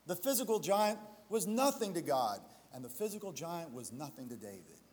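High, lively preacher man in a hall. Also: moderate pace. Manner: emphatic, building to loud exhortation; self-deprecating storytelling asides. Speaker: pastor. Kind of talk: sermon.

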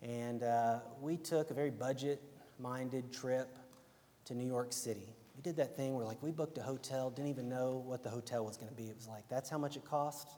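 Preaching in a casual, talk-like style, a young Alabama man keeps asking his listeners "right?". He has a steady, mellow, mid-range voice at normal speed, heard through long hall reverb.

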